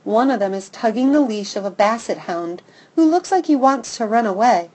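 A woman narrates an audiobook in the first person, her voice sitting a little higher than most. Her storytelling is lively and expressive, and it stays close to the story's excitement. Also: moderate pace, poor audio.

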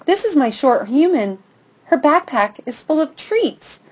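An excitable young male dog , played by a woman, talks in a high, yappy voice that climbs well above the narration. He is food-obsessed and dramatic, whining and pleading over the top. This is a storybook read-aloud. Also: unhurried. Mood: eager.

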